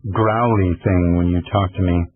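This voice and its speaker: A man voicing a gentle, affectionate young man who speaks softly and soothingly on the phone. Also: deep voice, fairly even intonation, measured pace, dry recording. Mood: tender. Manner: soft, soothing. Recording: tinny phone-like dry audio.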